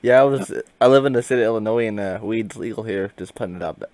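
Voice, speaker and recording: A man's voice: on the low side, fast talker, darkish tone, no echo. A man hosting a casual interview, laid-back and swearing offhandedly, his sentences often trailing off. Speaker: podcast interviewer.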